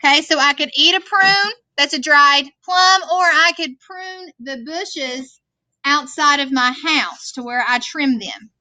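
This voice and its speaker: A woman's voice: sits high, unhurried, sharp tone, no room sound. A woman teaching a vocabulary lesson, patiently explaining words and checking in with "okay?". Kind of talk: classroom worksheet lesson. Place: classroom screen recording.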